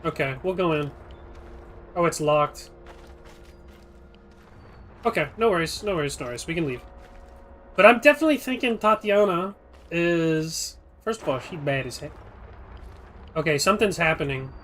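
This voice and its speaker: A man streaming a video game live, chatting and thinking out loud in a rambling, casual way. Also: a little high, lively intonation, normal speed, pauses often, a little hiss or hum.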